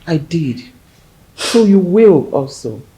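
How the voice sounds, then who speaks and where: An actress playing an earnest middle-aged widow who comforts a grieving friend in a film drama. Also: female voice, on the low side, big pitch swings, slow pace, dark tone, rough recording. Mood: consoling. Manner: soothing and earnest.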